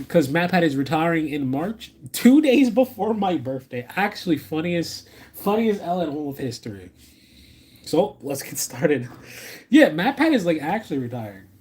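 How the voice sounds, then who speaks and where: A man streaming a reaction, rambling and excitable, talking to his chat and restarting his sentences often. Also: on the high side, a little hiss or hum. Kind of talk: live stream reaction commentary.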